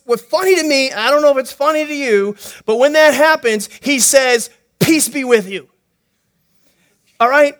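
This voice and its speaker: A male pastor preaching a sermon in an animated, playful way, joking and asking the congregation questions. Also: very high-pitched. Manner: animated, playful preaching with jokes and acted-out quotes.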